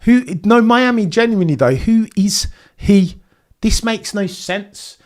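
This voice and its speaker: Young streamer, live reaction commentary, excitable, drops to low disbelief. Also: male voice, a little slow. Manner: excitable, swings from shouting to low muttering disbelief. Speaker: livestream watchalong commentator.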